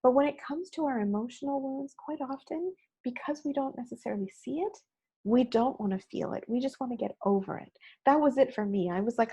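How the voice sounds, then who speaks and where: A woman with a fairly high voice gives a heartfelt keynote talk. Her tone is mellow and a little breathy, and she speaks earnestly and conversationally, as if confiding in the audience. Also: a little fast. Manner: earnest, conversational, personal, frequent "you know". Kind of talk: motivational talk recorded on video.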